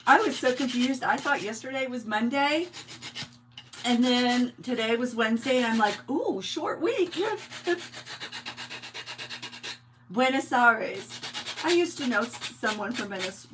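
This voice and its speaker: A woman's voice: on the high side, moderate pace, noisy background. A woman from New York hosting a live craft stream, chatting casually with viewers and greeting them by name while she works. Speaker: craft livestream host.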